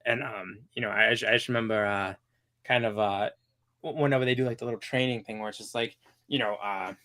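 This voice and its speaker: A man's voice: lowish voice, fairly even intonation, fast, pushed and bright. A man hosting a live comics stream, chatting casually and rambling with many fillers and restarts. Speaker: comics show host.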